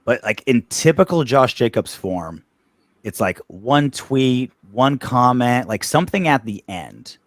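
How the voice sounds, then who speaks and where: A man's voice: mid-range voice, no echo, studio quality. A man co-hosting a sports podcast in casual chat, swearing and restarting his sentences a lot. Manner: animated, swearing, rapid restarts. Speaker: podcast co-host.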